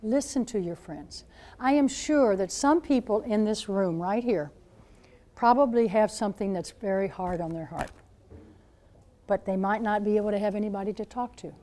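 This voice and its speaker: A woman in her seventies, a Catholic nun speaking to high school students as a guest speaker, telling stories in an animated way and acting out what people said. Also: moderate pace. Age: 70s. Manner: animated storyteller, acts out quoted voices. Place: school gathering room.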